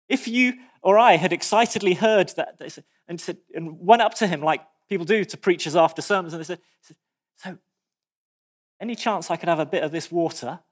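Man, preacher, high-pitched, expressive, dramatic pauses, sermon.

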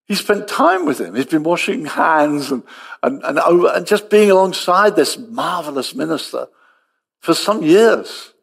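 A man preaching a sermon, acting out dialogue with lively storytelling and dropping to soft, quiet tones. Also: a little high, unhurried, gravelly, breathy edge.

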